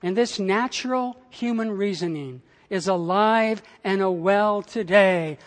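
A pastor preaches a sermon in church, phrasing slowly and emphatically with big swings in pitch and loudness, and the recording has a big-room sound.

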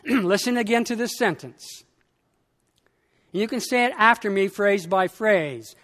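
A male pastor preaching with a high voice and an unhurried, deliberate delivery. He leans on each phrase with dramatic pauses. His words ring out with a long church-hall reverb. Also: fairly bright tone. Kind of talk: sermon.

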